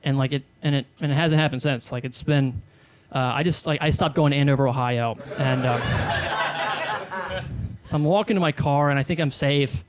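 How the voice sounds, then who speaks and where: A man's voice: on the high side, normal speed, a little hiss or hum. Self-deprecating rambling stand-up comic man. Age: 30s. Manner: rambling, self-deprecating storytelling with many fillers. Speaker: comedian. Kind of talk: stand-up comedy.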